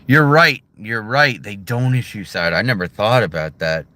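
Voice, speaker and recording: Middle-aged American man, low and bright-edged, blunt and profane, casual vlog chat outdoors. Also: expressive, moderate pace. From United States. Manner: blunt, profane, swings between heated and subdued. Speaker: vlogger. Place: his driveway.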